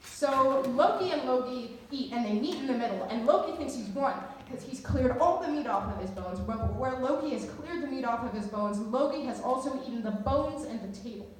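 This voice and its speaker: A woman's voice: sits high, expressive, fairly quick, hardly any pauses. A woman telling a story live at a cabaret in a chatty, humorous way, full of asides. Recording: echoey venue from a distance, faint room noise.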